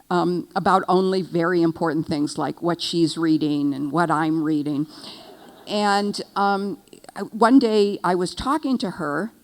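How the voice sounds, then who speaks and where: An older woman giving a keynote speech, telling a humorous story in a wry, animated way. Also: on the low side. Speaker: keynote speaker. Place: event stage.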